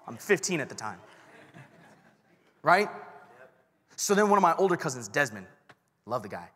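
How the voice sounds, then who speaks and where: A man's voice: on the high side, very animated, moderate pace, long pauses, a bit bright. Casual young man preaching in a hall. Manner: casual and self-deprecating, addresses the crowd directly. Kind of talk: sermon with personal story. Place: large church hall. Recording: long church hall reverb.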